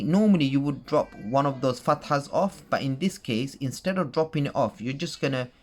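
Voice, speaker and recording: A man's voice: mid-range voice, fairly bright tone. A man teaching Quran recitation rules in a casual tutorial, patient, repeating points and checking in with "okay?" and "right?".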